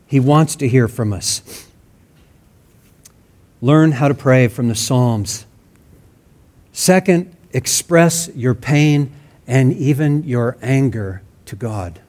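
A man's voice: medium pitch, lively intonation, slow pace, pauses often, darkish tone. A man preaching a sermon in an earnest, conversational way, acting out sample prayers in his own words. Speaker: pastor.

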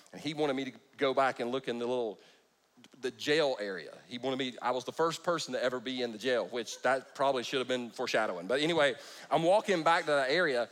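A man's voice: medium pitch, fairly bright tone. A man preaching a sermon in church, joking and breaking off his own sentences. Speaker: pastor.

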